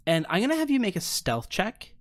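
A man's voice: high voice, wildly swooping pitch, fairly bright tone, no echo. A man running a tabletop game as game master, narrating with frequent restarts. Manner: halting, restarts often.

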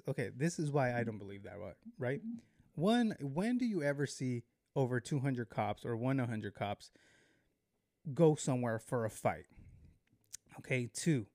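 A man hosts a casual vlog, talking straight to his viewers with lots of slang, swearing and quick chuckles. His voice is dark and mellow, recorded close and dry with no room sound. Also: mid-range voice, no echo. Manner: animated, slangy, swears, chuckles often, calls viewers "bro". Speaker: vlog host.

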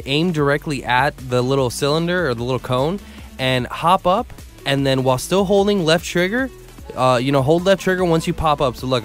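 A man talking casually over gameplay footage, explaining glitches step by step in a rambling, self-amused way with lots of fillers. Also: mid-range voice. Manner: chatty, rambling with fillers, laughs at himself. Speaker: gaming YouTuber. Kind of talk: casual game tutorial voice-over.

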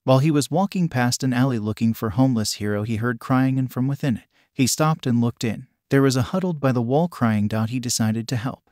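A man's voice: medium pitch, brisk, few pauses, darkish tone, no room sound, clean studio sound. Man reading fan fiction aloud. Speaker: narrator.

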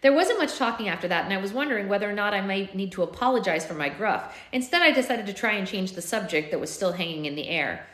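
A woman hosting a live book club, reading a novel aloud and dropping quiet, offhand asides to her viewers. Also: medium pitch, expressive, fast talker, few pauses, roomy sound. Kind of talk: live-streamed read-aloud with chatty asides.

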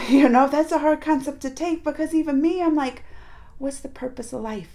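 A woman with a high voice talks through a reaction video in a loose, rambling way. She fills her speech with fillers and restarts, and retells what the characters say in her own voice. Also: a little fast, gravelly, a little mellow. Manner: retells scenes by acting out the characters' lines. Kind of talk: casual reaction commentary.

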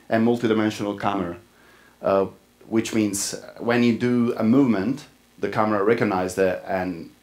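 Italian-accented man giving a tech talk. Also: on the low side. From Italy. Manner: relaxed, informal delivery with frequent fillers. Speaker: conference speaker.

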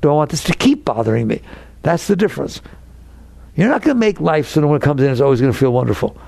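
Male spiritual teacher giving an inspirational talk, gravelly and slightly high, swoops around a lot, acts out worried voices. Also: fast talker, dry recording. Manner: animated, acts out neurotic inner voices.

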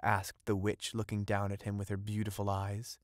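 A man narrating an audiobook of a fairy tale in a measured storytelling manner. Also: lowish voice, monotone, no echo, clean studio sound.

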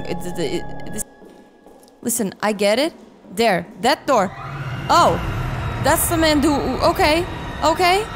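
High, lively young woman playing a game. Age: 20s. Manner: reactive, exclaiming and swearing at the game. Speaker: gaming video creator. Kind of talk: let's play commentary. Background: game music.

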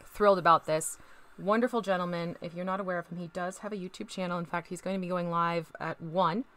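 A woman's voice: lowish voice, steady tone, quick pace, fairly bright tone. A woman hosting a casual live stream, chatting while she paints miniatures, upbeat and chatty, greeting viewers by name. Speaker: crafting channel host.

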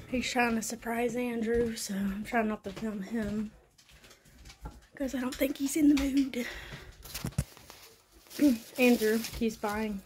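A woman's voice: fairly high pitch, slight background noise. Chatty woman vlogging at home. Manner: chatty, rambling, frequent soft laughs. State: out of breath. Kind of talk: casual home vlog chat. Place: home, indoors and outdoors.

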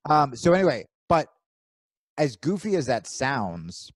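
A man from New Jersey co-hosting a podcast, telling animated stories with plenty of swearing and acting out his own inner voice. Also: mid-range voice, measured pace, no echo. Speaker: podcast co-host. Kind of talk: casual chat.

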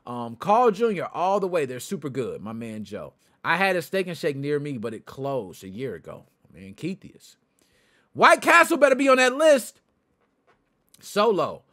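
Animated chatty male podcast host. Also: medium pitch, normal speed, few pauses. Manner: chatty, addresses viewers directly, answers chat. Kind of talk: casual livestream chat.

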